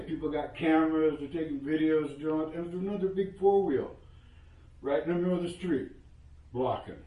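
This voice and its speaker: A man's voice: fairly high pitch, normal speed, long pauses. Older man telling a story in an echoey room. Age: 70s. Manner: animated, acts out quoted exchanges, curses freely. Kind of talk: casual spoken storytelling. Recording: roomy echo, voice from a distance.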